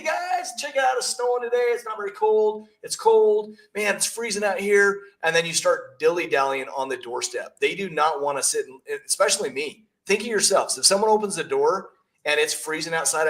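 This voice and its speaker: Male host, a bit high-pitched, upbeat and emphatic, casual stream talk with quick acted asides. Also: a bit bright. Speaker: host, real estate trainer. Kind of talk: casual live-stream coaching.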